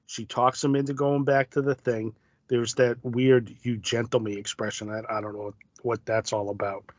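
A man in relaxed, thoughtful casual chat on a podcast. His voice sits at a middle pitch, and the recording is dry and a little dull and lo-fi. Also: normal speed, no echo. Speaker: podcast co-host.

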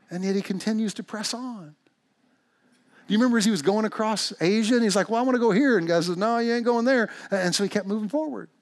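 Animated man preaching a sermon. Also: high voice, slightly rough. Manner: conversational, animated, joking with the congregation. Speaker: pastor. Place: church sanctuary.

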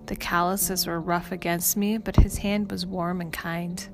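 A woman with a lowish voice reads a first-person story aloud at an even, measured pace. Music plays clearly underneath the narration throughout.

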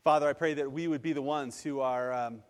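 A male pastor giving a lively sermon, acting out quotes and then leading a prayer. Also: mid-range voice, brisk, big-room sound. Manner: animated, acts out quotes and leads prayer.

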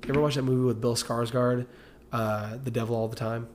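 This is a young man with an American accent, talking casually and swearing freely. He repeats his punchlines for emphasis and keeps an easygoing, conversational tone at a middling pitch. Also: little pitch movement, brisk, a little mellow, a little hiss or hum. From United States. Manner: loose, profane, emphatic storytelling. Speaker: parent, co-host. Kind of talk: casual chat.

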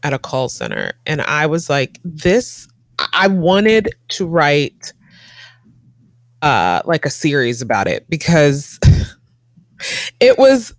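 A woman's voice: low-pitched, huge pitch swings, slow pace, pauses often, dry recording, studio quality. A woman in her thirties chatting casually over a video call, rambling with many fillers and frequent laughs. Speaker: guest in a conversation. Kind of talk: casual chat.

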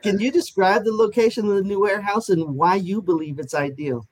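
A man's voice: high voice, fairly quick, no room sound, rough recording. A man hosting an interview, upbeat and chatty, asking guests questions with plenty of fillers. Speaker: interview host.

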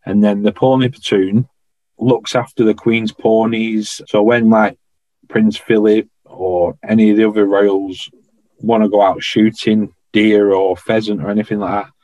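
A man tells anecdotes in a relaxed, chatty way, full of regional turns of phrase. His voice sits fairly low. The sound is dry and close, with little room around it. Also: a little slow, no room sound, poor audio. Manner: chatty anecdotal, dialect grammar like "I was stood". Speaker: podcast guest, former royal guardsman. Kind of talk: casual storytelling.

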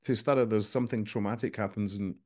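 A man's voice: fairly low pitch, fairly even intonation, fast talker, a little mellow. A Scottish man hosting a podcast interview, talking in a loose, rambling way and acting out other people's voices. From Scotland. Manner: rambling, acts out quoted voices. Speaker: podcast host. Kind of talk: casual interview chat.

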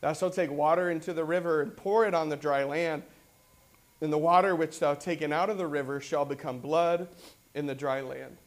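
A male pastor preaching a sermon, reading scripture aloud and then speaking with growing excitement. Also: on the high side. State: repeatedly clearing throat and coughing.

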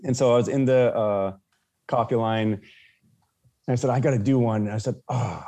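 A man's voice: medium pitch, moderate pace, dark tone. A man casually telling a personal story as a podcast guest, with many restarts and fillers.

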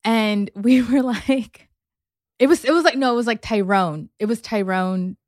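A woman's voice: on the high side, a little slow, no echo, clean studio sound. A woman co-hosting a podcast in casual chat, talkative and laughing often. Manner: chatty, laughs often, says "like" a lot. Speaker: podcast co-host.

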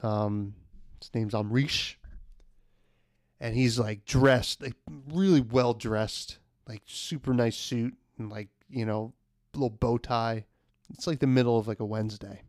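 A man's voice: medium pitch, fairly even intonation, measured pace, a little mellow, no room sound, clean studio sound. Laid-back young man telling a story. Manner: laid-back, rambling, laughs often, many fillers. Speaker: guest telling a work story. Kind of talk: casual storytelling chat.

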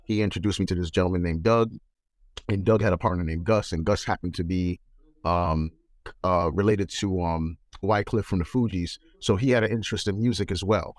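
A lower-voiced man, recounting his start in entertainment in a relaxed interview. He talks animatedly and slips into impressions of people in his stories. The recording is dry and close. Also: fairly quick, dry recording. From New York. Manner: animated, mimics voices in anecdotes. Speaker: guest entertainer. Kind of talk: casual interview storytelling.

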